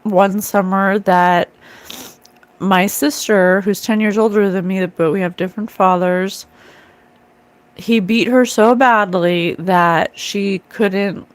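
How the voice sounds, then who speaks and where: A middle-aged woman doing a live psychic card reading, talking earnestly and emotionally to her viewers. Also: medium pitch. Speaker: psychic medium streamer. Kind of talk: live-stream card reading, casual talk.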